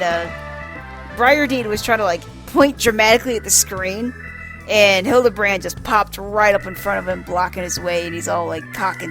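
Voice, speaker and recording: A woman casually narrating a video game for blind viewers, laughing often, swearing, and excitedly describing what happens on screen. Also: mid-range voice.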